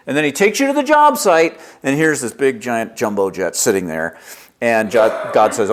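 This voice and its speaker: A man preaching with a lively, animated delivery, his pitch rising and falling widely. His voice sits in a middle register, and he slips into quick acted-out exchanges to make his point. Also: a little hiss or hum. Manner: lively preaching, acts out dialogue with God in his stories. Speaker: pastor. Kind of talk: sermon.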